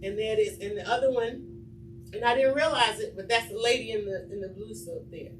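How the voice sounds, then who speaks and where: A woman's voice: a little high, a little fast. Earnest woman sharing memories on a panel. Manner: earnest, reflective, softening to a hush. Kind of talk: personal storytelling. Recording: echoey room from far off, noisy.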